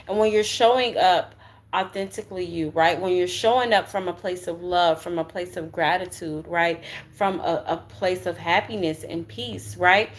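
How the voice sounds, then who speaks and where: A woman's voice: fairly low pitch, normal speed. A woman giving a casual spiritual tarot reading, chatty and slangy, often checking in with "right?" and throwing in curse words. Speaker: tarot reader.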